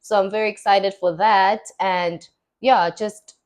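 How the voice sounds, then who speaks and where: A woman's voice: medium pitch, steady tone, unhurried. A young woman, hosting a podcast and telling stories in casual chat, acting out the voices she quotes. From South Africa. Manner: chatty storytelling, acts out quoted voices. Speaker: podcast host.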